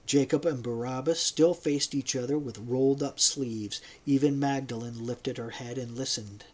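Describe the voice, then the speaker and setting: A man narrating a novel as an audiobook, in a measured storytelling manner. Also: medium pitch, fairly even intonation, darkish tone. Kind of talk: audiobook reading.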